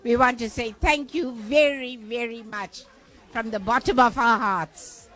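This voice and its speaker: A woman speaks with earnest gratitude during a live radio broadcast. Her voice is high for a woman, and she thanks people sincerely and simply. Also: unhurried, fairly bright tone. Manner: earnest, grateful. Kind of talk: thankful on-air remarks.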